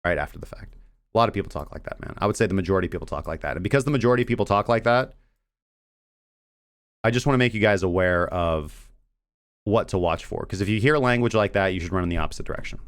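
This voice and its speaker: On his crypto trading show, this host talks casually and bluntly through chart analysis while mocking vague analysts, all in livestream commentary style. His low voice comes fast, clear and resonant, recorded clean in a studio with no echo.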